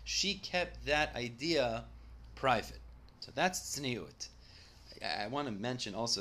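A man's voice: fairly low pitch, bright, forceful tone. A man teaching a Talmud study lesson, who reads each line aloud and then explains it in English.

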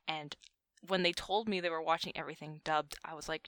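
A young woman chats casually as a podcast co-host, often breaking into laughter. Her voice is bright and fairly low-pitched. The recording is dry and close. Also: brisk, no room sound. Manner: chatty, laughs often, animated. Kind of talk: casual chat.

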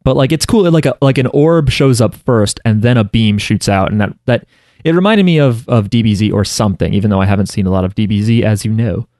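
A man's voice: on the low side, brisk, a little mellow, no room sound, studio quality. A man co-hosting a podcast, recapping an anime in a casual, rambling way with lots of fillers and restarts. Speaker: podcast co-host.

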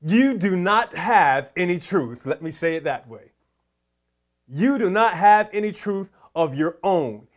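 A man's voice: high-pitched, lively intonation, unhurried. A man preaching a sermon, fervent and prayerful, repeating his exhortations.

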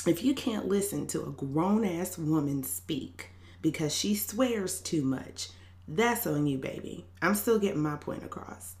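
A woman's voice: on the low side, lively intonation, unhurried, a little mellow, roomy sound. A young adult woman hosting a podcast in a casual, sassy venting monologue, laughing often and cussing freely. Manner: sassy, laughing, profane asides. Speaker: podcast host.

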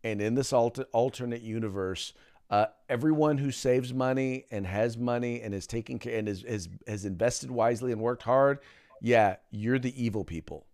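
A man hosting a political podcast, arguing his points with emphasis. His voice is smooth and resonant, and he is middle-pitched for a man. He often stops to restart his sentences. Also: normal speed, a little mellow. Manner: emphatic, many "uh" fillers, restarts. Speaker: podcast host. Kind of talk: casual political commentary.

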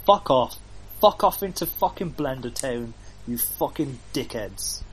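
Sweary, animated man ranting. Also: mid-range voice, unhurried, a little hiss or hum. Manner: heavy swearing, ranting, exaggerated. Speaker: podcast co-host. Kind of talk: casual chat.

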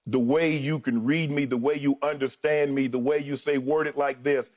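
A man's voice: mid-range voice, fairly even intonation, normal speed, darkish tone. A middle-aged man delivering an on-air farewell as co-host, thanking colleagues one by one while holding back tears. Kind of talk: emotional on-air farewell speech.

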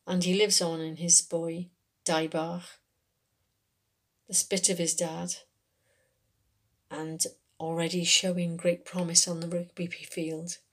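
A woman reading a first-person short story, telling it in an unhurried, conversational way in a working man's dialect. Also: lowish voice, level tone. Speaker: story reader.

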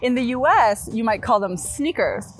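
A woman's voice: fairly high pitch, lively intonation, moderate pace, soft background music. A woman from Toronto, an English teacher, explaining words in a friendly manner. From Toronto, Canada. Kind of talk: online lesson.

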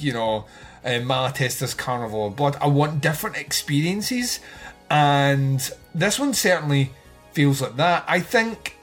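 Over soft background music, a man from outside the United States co-hosts a casual film podcast, chatting about films in review. His voice is a little high, animated, and moderately paced, and he rambles with lots of fillers and swearing, laughing often.

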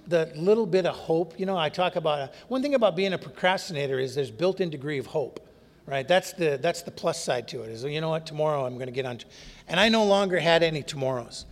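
A man's voice: on the high side, lively intonation, a little fast. A man telling his recovery story in a wry, candid, self-mocking way. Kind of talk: humorous personal storytelling talk. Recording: long reverb of a hall.

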